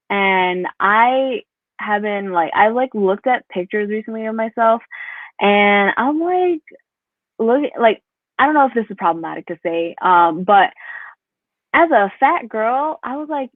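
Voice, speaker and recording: A woman's voice: mid-range voice, animated, measured pace, dry recording. Young New woman doing stand-up over a call. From New York. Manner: rambling, filler-heavy, laughs at own jokes. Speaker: stand-up comedian. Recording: tinny phone-like call audio, dry.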